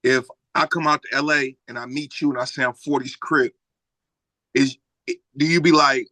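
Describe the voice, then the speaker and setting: A man's voice: mid-range voice, steady tone, normal speed, bright, forceful tone, dry recording. A man hosting a podcast in a casual interview, asking eager follow-up questions. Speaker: podcast host.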